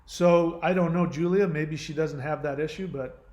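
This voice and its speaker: Brief: a channel host with a somewhat high voice, telling a personal story in an emotional, rambling way. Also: male voice, fairly even intonation, normal speed, a little mellow. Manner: rambling, emotional, many fillers and restarts.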